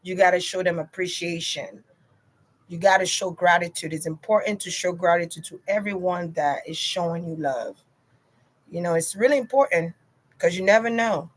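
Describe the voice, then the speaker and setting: A woman's voice: lowish voice, normal speed. A woman chatting casually to her viewers on a livestream tarot reading, slangy and direct.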